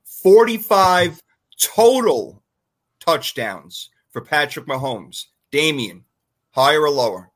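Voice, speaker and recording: A man's voice: medium pitch, lively intonation, a little slow, sharp tone. A man hosting a casual sports talk show, joking around and running a guessing game with his co-hosts.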